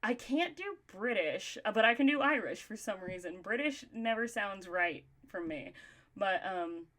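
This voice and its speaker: A woman's voice: medium pitch, expressive, moderate pace, a bit bright. A young woman from Texas hosting a stream, giggly and chatty with many fillers. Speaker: streamer host. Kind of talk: casual stream chat.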